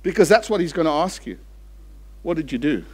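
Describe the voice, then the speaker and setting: A man preaching a sermon as pastor, building to loud emphatic peaks and then dropping low and slow for effect. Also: animated, slightly rough. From Australia.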